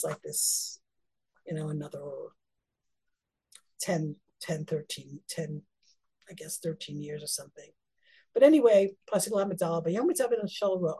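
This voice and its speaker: Woman teaching a text class, bit husky, voice jumps all over when she acts out the lines. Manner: lively, acts out biblical dialogue with sudden high-pitched bursts. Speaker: Torah teacher. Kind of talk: text-study lecture.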